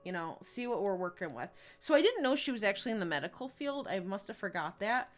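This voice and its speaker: A woman's voice: mid-range voice, very animated, quick pace, faint music behind. A young woman streaming a life-sim game, chatting casually and reading viewer messages with lots of fillers and giggles. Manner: chatty, reads chat aloud, many fillers and giggles. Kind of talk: casual gameplay commentary.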